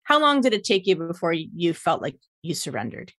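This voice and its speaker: A woman hosting an interview, affirming her guest and asking warm follow-up questions. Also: fairly low pitch, sing-song, normal speed. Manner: affirming, encouraging listener. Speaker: podcast interviewer. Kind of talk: interview conversation.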